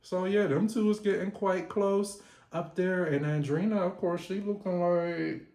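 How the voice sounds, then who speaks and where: Brief: sassy male recap host, animated and loose, a bit high, echoey room. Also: measured pace. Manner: animated, sassy, laughing, swears a lot. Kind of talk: casual recap vlog.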